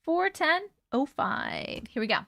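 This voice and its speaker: A woman's voice: sits high, very animated, measured pace, creaky, sharp tone, no room sound, clean studio sound. A woman hosting a live stream, reading a viewer's story aloud and breaking in with chatty asides. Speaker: host reading viewer stories.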